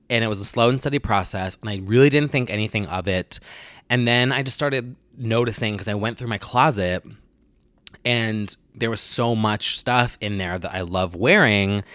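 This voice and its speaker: A man's voice: fairly low pitch, a bit bright, no room sound. A young man talking casually to camera as a vlog host, rambling, self-deprecating and candid, filling his talk with "like.". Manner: confessional and candid. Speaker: vlogger host.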